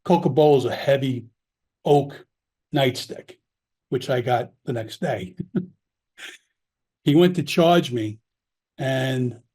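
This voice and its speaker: A former police officer tells stories in a loose, conversational way. He backtracks, restarts his sentences and acts out other people's lines. His voice is mellow and relaxed, at a middling pitch. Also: breathy edge. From Long Island, New York. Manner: candid, rambling, with frequent restarts and quoted dialogue. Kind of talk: casual storytelling.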